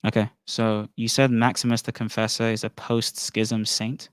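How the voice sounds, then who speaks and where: A man's voice: fairly low pitch, level tone, moderate pace, no room sound, clean studio sound. Assertive man in an online debate. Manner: assertive, lecturing, presses questions.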